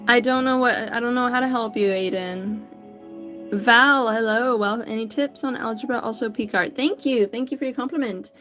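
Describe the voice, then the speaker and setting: Woman streamer, slightly high voice, chatty and upbeat, soft music playing behind. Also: normal speed. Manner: greets chat viewers by name, chatty and upbeat. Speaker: digital artist streamer. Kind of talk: casual livestream chat while drawing.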